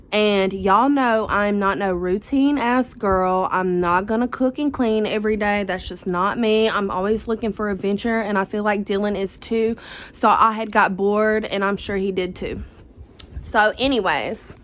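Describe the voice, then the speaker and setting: A woman's voice: medium pitch, fairly bright tone. A young woman, telling a personal story to the camera in a chatty, dramatic, slangy way. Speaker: vlogger.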